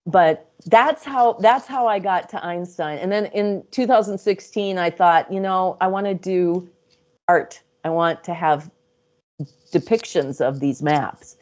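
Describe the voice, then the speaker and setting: A woman's voice: lowish voice, measured pace. Chatty woman recounting stories with laughs. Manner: animated, laughs often, acts out quotes. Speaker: interview guest, psychic channel. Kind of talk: casual storytelling interview.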